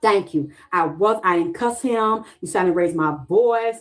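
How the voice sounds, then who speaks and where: A middle-aged woman with a Southern US accent talks straight to her livestream viewers. She keeps pressing the same questions and stops to thank them and read out their comments. Her voice sits at an ordinary middle pitch for a woman. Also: moderate pace, soft background music, poor audio. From Southern United States. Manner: insistent, repeats questions, reads viewer comments aloud. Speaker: livestream host. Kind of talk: emotional livestream talk to viewers.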